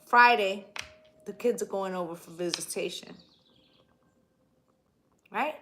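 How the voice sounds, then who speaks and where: A woman's voice: medium pitch, slow, pushed and bright, slight background noise. A woman giving a tarot reading in a casual, blunt, profane way, often tagging her points with "right?". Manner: blunt, profane, emphatic, keeps asking "right?". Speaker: tarot reader.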